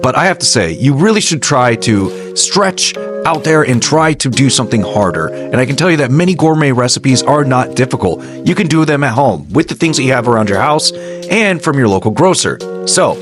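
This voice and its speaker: A man's voice: medium pitch, big pitch swings, normal speed, music in the background. A man hosting a home cooking video, chatty and reassuring as he talks the viewer through each step. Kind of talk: casual cooking tutorial narration.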